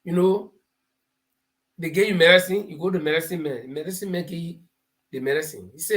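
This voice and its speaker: A man's voice: on the high side, fairly quick, pauses often, fairly bright tone. Man with a Liberian English accent. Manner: folksy, explains with homespun parables and stories; laughs while telling stories. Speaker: talk show host. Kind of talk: live political commentary.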